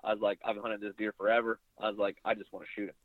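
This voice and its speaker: A man's voice: on the low side, very fast, dry recording. Man telling a hunting story down a thin phone line. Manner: rambling, animated retelling with quoted dialogue. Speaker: bowhunter guest. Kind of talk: casual storytelling interview.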